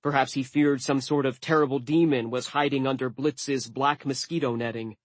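A man's voice: mid-range voice, steady tone, moderate pace, no echo. Man narrating an audiobook, dry and wry. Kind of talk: first-person audiobook narration.

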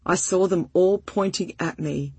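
A woman reading a story and voicing a sensitive young girl who is crying, in a breathy voice. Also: on the low side, a little slow, darkish tone, dry recording, full character voice. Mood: tearful.

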